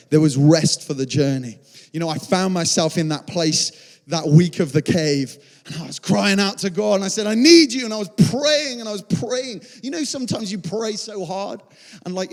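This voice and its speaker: Man, pastor, passionate conversational sermon, fairly high voice, long church reverb. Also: a little mellow. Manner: passionate, conversational preaching with many restarts. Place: church auditorium.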